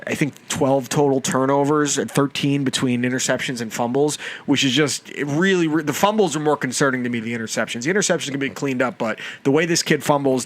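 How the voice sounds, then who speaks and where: A man's voice: mid-range voice, a bit bright. A young man hosting a casual sports podcast, ranting and mocking teams with heavy profanity. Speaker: podcast host.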